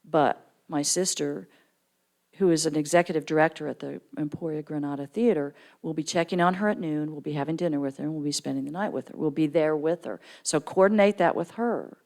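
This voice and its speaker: A middle-aged woman tells a personal story from the pulpit of a church. Her voice sits a little low, and she keeps leaping up in pitch to act out what people said. The delivery is warm storytelling rather than formal preaching. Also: brisk. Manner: animated storyteller, acts out quoted voices with big pitch jumps. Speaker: guest speaker at church. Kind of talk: storytelling sermon. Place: church sanctuary.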